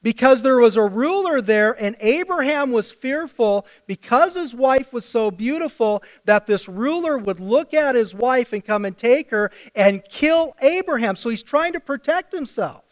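A man's voice: very high-pitched, expressive, measured pace, few pauses. A middle-aged male pastor preaching a sermon, telling the story and putting questions to the congregation.

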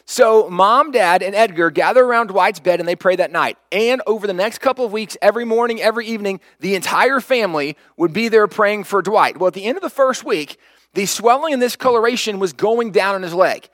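A pastor preaching, telling a story with lively, acted-out quotes. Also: male voice, very high-pitched, normal speed, dry recording, clean studio sound. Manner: animated storyteller, acts out quoted lines. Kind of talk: sermon storytelling.

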